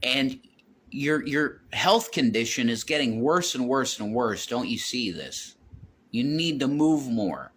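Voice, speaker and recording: A man's voice: mid-range voice, expressive, takes it slowly, a bit bright, slight background noise. A man rambling and swearing as he walks around his house, vlogging into his phone. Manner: rambling, repeats himself, swears a lot. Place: home, walking around with a phone.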